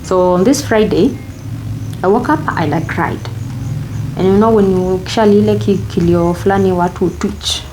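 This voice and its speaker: A woman's voice: medium pitch, moderate pace, noisy background. A young woman with a Kenyan accent, telling her own story as an interview guest, candid and reflective, slipping Swahili phrases into her English.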